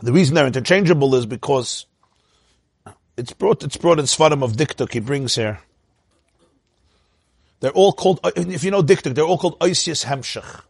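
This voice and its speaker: Husky guy teaching torah, voice jumps way up and down, dry close sound, slightly high. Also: normal speed, long pauses, no echo. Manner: animated, laughs often, swoops up into a high voice. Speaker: rabbi teaching a class.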